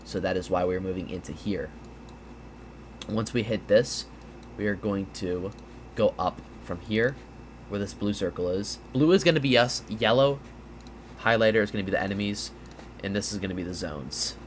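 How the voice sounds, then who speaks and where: Low-voiced man breaking down game tactics. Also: normal speed, long pauses, a little hiss or hum. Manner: conversational, rambling with fillers and restarts. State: tired, yawning. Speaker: gaming creator explaining strategy. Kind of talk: casual gameplay breakdown.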